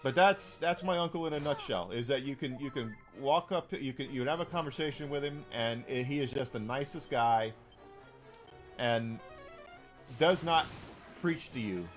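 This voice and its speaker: A man's voice: medium pitch, moderate pace, soft background music. A man streaming a game and telling a long story in a rambling, casual way, full of restarts and fillers.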